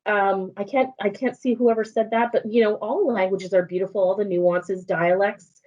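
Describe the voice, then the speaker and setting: A woman panelist from Nova Scotia with an Acadian accent in her French, speaking earnestly with many pauses and ums. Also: mid-range voice, fairly even intonation, darkish tone, dull audio. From Nova Scotia, Acadian community. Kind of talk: panel discussion.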